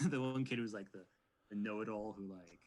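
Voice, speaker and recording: A man's voice: on the low side, fairly quick. A young man appearing as a guest writer on a podcast over a video call, chatty, opinionated and self-deprecating. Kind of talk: casual podcast conversation.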